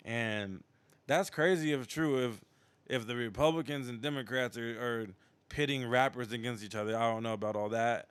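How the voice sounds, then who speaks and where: A man hosting a livestream show, giving casual commentary in a relaxed, hesitant way with many restarts. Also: medium pitch, smooth, no room sound.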